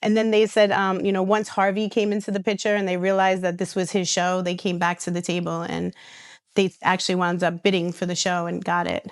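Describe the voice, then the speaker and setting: Animated storytelling woman with a smooth voice. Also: lowish voice, brisk, dry recording, studio quality. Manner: animated storyteller who acts out quoted voices, with restarts and laughs. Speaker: reality TV star and guest. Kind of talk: casual storytelling interview.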